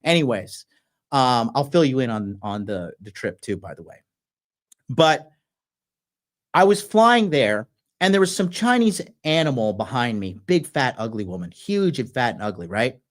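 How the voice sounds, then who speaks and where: A man's voice: mid-range voice, very animated, normal speed. A man hosting a show, ranting aggressively with constant profanity. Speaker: podcast host. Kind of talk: ranting commentary.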